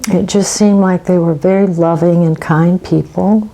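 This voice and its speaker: An older woman telling a personal story in an unhurried way, pausing often with ums. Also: lowish voice, steady tone, dark tone, poor audio. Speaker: interviewee. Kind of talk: personal reminiscence.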